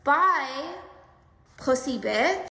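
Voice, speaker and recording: A woman's voice: sits high, animated, drawn-out words, sharp tone. A woman musician ranting angrily and profanely in a posted video, in an echoey room. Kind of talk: angry rant in a posted video. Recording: echoey room with long reverb.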